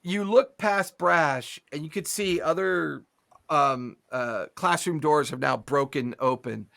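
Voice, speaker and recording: Male game master, gravelly, slightly high, acts out sound effects. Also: slow pace, sharp tone. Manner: vivid narration with gunfire sound effects. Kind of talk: narrating a tabletop game.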